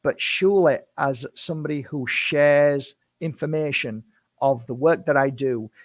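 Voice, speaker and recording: A man's voice: fairly high pitch, unhurried, dry recording, studio quality. A man in his fifties, a spiritual healer, speaking to camera in an impassioned, defensive monologue full of rhetorical questions. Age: 50s.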